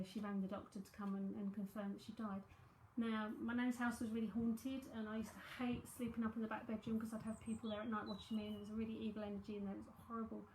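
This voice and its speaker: A woman's voice: medium pitch, darkish tone, slight background noise. A woman in her forties with a South London accent, giving a live psychic reading and chatting breezily with viewers, full of asides and fillers. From South London, England. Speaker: psychic medium and tarot reader. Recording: echoey room.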